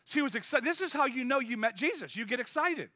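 High-voiced, bright male preacher. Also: fast talker, dry recording. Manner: energetic, conversational preaching that urges the crowd on. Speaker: pastor. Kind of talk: sermon.

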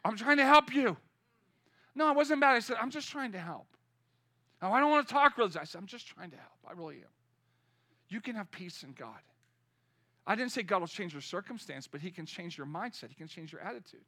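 High bright preacher guy in his fifties, gets loud then goes quiet telling stories. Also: a little fast, pauses often. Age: 50s. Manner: energetic preaching, rising loud then dropping to soft storytelling. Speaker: pastor. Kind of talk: sermon.

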